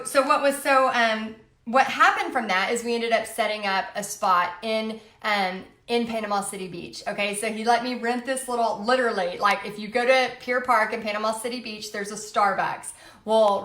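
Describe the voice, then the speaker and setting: A woman in her late thirties hosting a livestream, telling a personal story in a chatty, animated way with lots of fillers. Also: a little high, moderate pace. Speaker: livestream host. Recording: echoey room.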